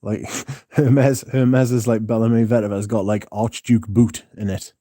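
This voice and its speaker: A man's voice: on the low side, flat delivery, unhurried, mellow, dry recording, clean studio sound. A man hosting a livestream, chatting casually with viewers in a blunt, sweary, rambling way. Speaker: livestream host reading viewer chat.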